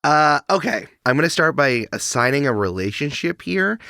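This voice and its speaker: A man's voice: on the high side, very animated, normal speed, vocal fry, pushed and bright, no room sound, studio quality. A man hosting a podcast, casually running a tabletop game with an upbeat, joking manner. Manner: upbeat, joking, guides turns.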